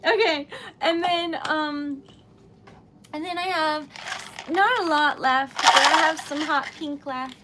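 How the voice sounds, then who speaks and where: A woman's voice: high-pitched, slow, heavy background noise. A young woman chatting on a livestream while crafting, flustered, teary and rambling with giggles. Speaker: livestream host.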